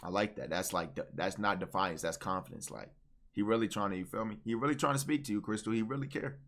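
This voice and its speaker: A young man hosting a casual livestream chat, animated and teasing, cutting in with quick repeated words. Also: lowish voice. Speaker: streamer host.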